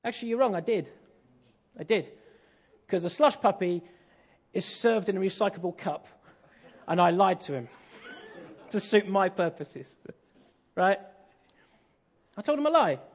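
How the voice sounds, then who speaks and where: A man's voice: sits high, lively intonation, a little slow, long pauses, slightly rough. An English man preaching a sermon, telling a family story in a conversational way with self-deprecating humour.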